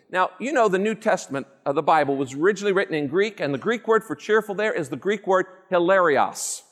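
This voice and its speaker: Animated high-pitched preaching man. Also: in a large hall. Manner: animated, emphatic preaching with playful asides. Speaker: pastor. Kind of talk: sermon.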